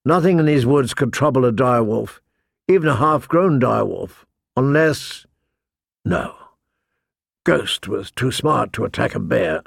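A man narrating a fantasy audiobook in a measured, deliberate storytelling manner on a close studio mic. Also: mid-range voice, gravelly, no room sound.

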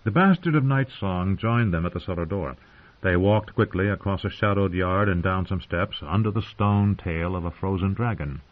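A man narrating a fantasy audiobook in a steady storytelling voice. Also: low-pitched. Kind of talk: scripted narration. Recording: tinny phone-like sound.

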